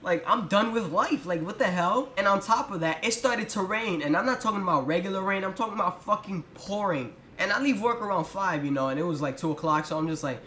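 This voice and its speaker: Young guy ranting and cussing about his day, pretty high voice, echoey room. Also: fast talker, hardly any pauses, bright, forceful tone, slight background noise. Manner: profane, exasperated ranting. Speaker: vlogger. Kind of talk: storytime rant.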